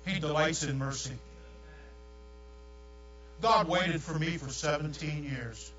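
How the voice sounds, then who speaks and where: Older New pastor, bright and echoey. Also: male voice, fairly high pitch, takes it slowly, far from the mic. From New York. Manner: storytelling, animated and folksy. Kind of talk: sermon. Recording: echoey room, dull sound, mains hum.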